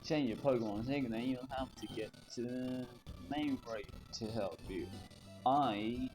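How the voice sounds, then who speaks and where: A man's voice: medium pitch, measured pace, poor audio. A man streaming a video game, chatting casually and jokingly with viewers. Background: game music.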